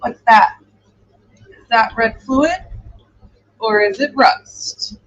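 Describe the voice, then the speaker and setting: Husky-voiced woman musing on a livestream. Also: a little high, drawn-out words. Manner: musing, hesitant, thinking aloud; coos softly to her dog. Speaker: true crime livestream host. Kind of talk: live reaction commentary. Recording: dull lo-fi stream audio.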